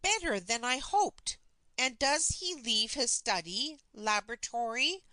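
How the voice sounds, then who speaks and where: An impatient young man who presses eagerly and turns to scorn, read by a woman in an audiobook. The voice sits fairly high and swings widely in pitch. It comes across dry and close, with nothing around it. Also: expressive, a little slow, bright, forceful tone, no room sound. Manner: urgent, scornful. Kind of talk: audiobook character reading.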